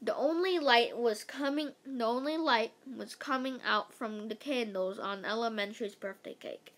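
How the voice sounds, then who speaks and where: A woman reading a children's chapter book aloud, lively, with occasional slips and restarts. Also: fairly high pitch, moderate pace. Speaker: read-aloud host.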